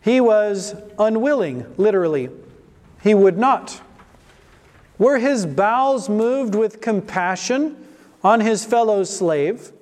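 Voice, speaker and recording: A man's voice: high voice, lively intonation, slow, darkish tone, in a large hall. A man preaching a sermon as pastor, driving his points home with rhetorical questions and rising emphasis.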